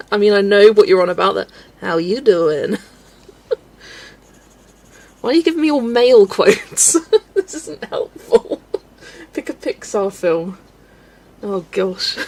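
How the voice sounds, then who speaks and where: A woman's voice: medium pitch, a little mellow. A woman chatting casually at home while colouring on a livestream, answering chat and often breaking into giggles. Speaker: livestream host.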